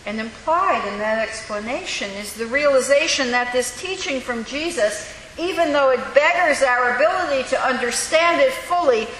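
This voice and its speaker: A woman preaching a sermon in a church, telling the story with lively, acted-out voices. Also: on the high side. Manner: animated storytelling, acting out voices. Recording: echoey hall with faint hiss.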